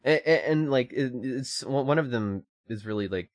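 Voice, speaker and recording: A young man hosting a relaxed podcast chat, wandering through his thoughts with restarts and fillers. His voice is mid-pitched and the sound is close and dry. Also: moderate pace, dry recording. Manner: loose, rambling, many fillers and restarts, swears casually. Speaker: podcast co-host. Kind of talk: casual chat.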